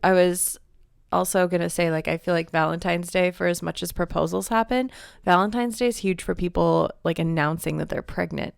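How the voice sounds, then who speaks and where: A woman's voice: lowish voice, steady tone, brisk, vocal fry, clear, resonant tone, no echo, studio quality. A woman co-hosting a podcast in casual chat, giggly and chatty, often quoting people in playful voices. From Midwest US. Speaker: podcast co-host.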